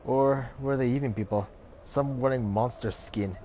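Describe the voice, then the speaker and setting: A man's voice: medium pitch, moderate pace, dark tone, a little hiss or hum, close to an everyday voice. A man voicing a mystic male warrior-turned-merchant in a put-on Indian accent, solemn and riddling, reading game dialogue over music. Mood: cryptic.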